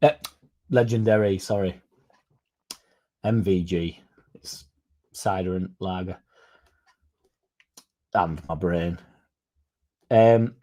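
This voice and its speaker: Low, mellow-voiced sweary man. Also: takes it slowly, pauses often. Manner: sweary, rambling, self-mocking. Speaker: football fan channel host. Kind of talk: casual rambling chat.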